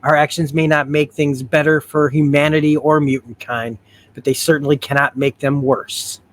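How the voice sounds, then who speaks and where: A man voicing a grave, resolute older male mutant leader from a comic, solemn and measured. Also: a little high, level tone, fairly bright tone, close to an everyday voice.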